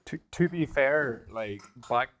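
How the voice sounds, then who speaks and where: A young man telling a story in casual chat, low-key and laid back, with many fillers. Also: animated, takes it slowly, a bit bright, slight background noise.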